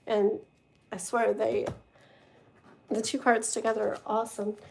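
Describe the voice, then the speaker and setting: A woman with a slightly high voice runs a casual live tarot stream. She talks in a chatty, rambling way and reads card meanings aloud. Her voice sounds tired and strained. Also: flat delivery, measured pace, gravelly, a little hiss or hum. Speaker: tarot reader. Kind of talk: casual livestream chat and card reading.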